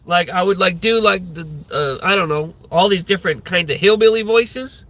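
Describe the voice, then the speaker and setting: A man in his thirties rants to his livestream in a bright, forceful voice that sits a little high. He rambles, swears freely and leans on fillers as he goes. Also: moderate pace, dry recording. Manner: rambling, profane, many fillers. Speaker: livestream host. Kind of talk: ranting livestream monologue.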